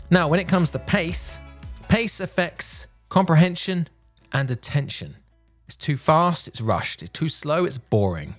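A man teaching public speaking, shifting his pitch to demonstrate the points he makes. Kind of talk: instructional talk.

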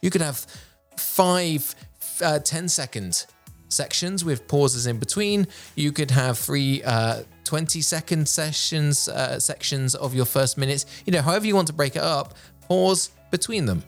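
A man hosting a podcast on presenting, speaking with an energetic, projected voice and careful, clear enunciation into a studio microphone. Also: a little high, a little slow, faint music behind. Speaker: podcast host.

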